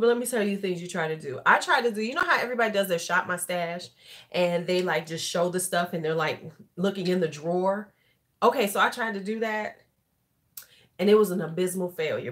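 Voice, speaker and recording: A middle-aged woman hosting a casual beauty livestream, tipsy and chatty, swearing and laughing freely as she talks. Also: medium pitch. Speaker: beauty YouTuber.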